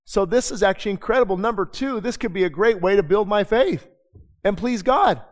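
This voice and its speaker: Preaching pastor in a reverberant church hall. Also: male voice, sits high, lively intonation. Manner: conversational preaching with quick asides and rhetorical questions. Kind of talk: sermon. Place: church sanctuary.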